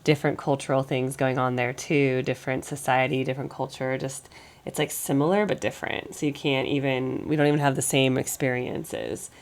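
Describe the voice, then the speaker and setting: Her voice is very deep, flat and brisk as this American host of a music reaction channel chats casually. She's recovering from a cold and her reaction commentary wanders, as if she's thinking out loud.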